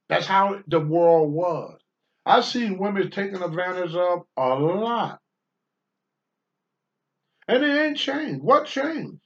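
An older man on a talk show, blunt and preachy, swinging from low mutters to loud outbursts. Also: expressive, takes it slowly, long pauses, muffled recording. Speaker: podcast host, former wrestler. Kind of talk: candid talk-show commentary.

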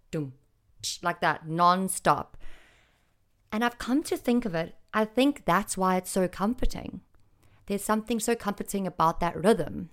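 A woman hosting a casual solo podcast from a small home office, chatty and excitable, rambling a little. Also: medium pitch. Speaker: podcast host.

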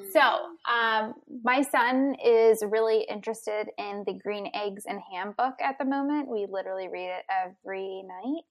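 A young woman co-hosting a podcast, chatting playfully with quick laughs. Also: mid-range voice. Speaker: podcast co-host. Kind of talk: casual chat.

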